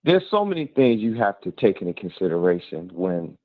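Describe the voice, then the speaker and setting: A man's voice: sits low, very animated, fairly quick, dry recording. A man speaking as a panelist on a call-in talk show, hesitant and using many fillers. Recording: tinny phone line.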